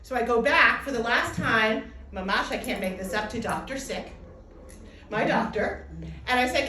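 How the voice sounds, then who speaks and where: A middle-aged woman giving a personal testimony talk, telling her story in a lively way and acting out what people said. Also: on the high side, normal speed. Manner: animated storytelling with acted-out quotes. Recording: echoey hall, distant mic, faint noise.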